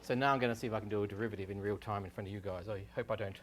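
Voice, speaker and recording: A man's voice: fairly low pitch, steady tone, racing, a little hiss or hum. A man giving a university lecture on speech science, explaining step by step, with fillers and restarts. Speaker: research scientist giving a technical talk. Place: lecture room.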